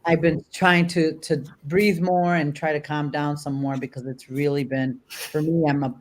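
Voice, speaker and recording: A woman's voice: low-pitched, flat delivery, normal speed. A woman hosting a casual chat as a dog trainer, talking in a chatty way with frequent restarts and tag questions like "right?". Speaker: dog trainer and show host.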